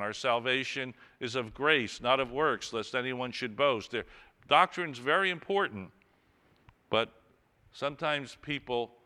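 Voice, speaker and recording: A man's voice: mid-range voice, sharp tone, smooth, in a large hall. A man preaching a sermon, earnestly reading and explaining scripture with rising emphasis.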